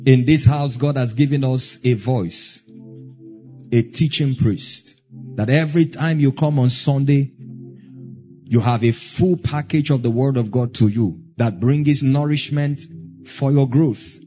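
A man's voice: mid-range voice, unhurried, mellow, lo-fi sound. Man, Nigerian accent, pastor, sermon, sing-song emphasis, faint music behind.

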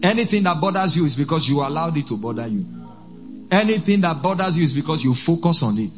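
A man, a priest preaching a sermon, who slows down and repeats phrases for emphasis. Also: a little high, animated, faint music behind.

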